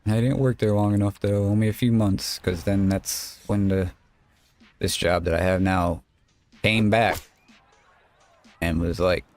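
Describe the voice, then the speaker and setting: A man's voice: low-pitched, fairly even intonation, measured pace, pauses often, darkish tone, faint music behind. A male streamer telling a rambling, casual story while playing a game, quoting people and swearing now and then.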